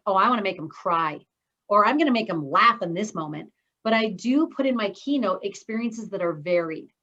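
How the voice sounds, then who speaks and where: A Scottish woman, a speaking coach, teaches an online course over a video call, talking fast before stopping suddenly to stress key words. Her mid-range voice leans a little high and a bit bright, though the lo-fi call audio makes it slightly dull.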